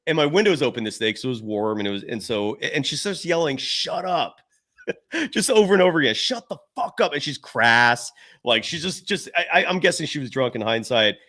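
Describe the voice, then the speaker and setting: A man hosting a live postgame basketball talk show from his home, an animated storyteller who acts out quotes. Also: mid-range voice, brisk. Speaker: show host.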